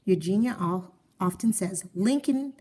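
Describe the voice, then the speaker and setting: A woman reading a children's storybook aloud with expressive, gently paced storytelling. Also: lowish voice, a little slow.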